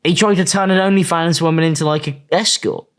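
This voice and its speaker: A man's voice: a little high, fairly even intonation, fairly quick, clean tone. A young man, mocking and swearing freely in casual online commentary. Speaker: commentary YouTuber.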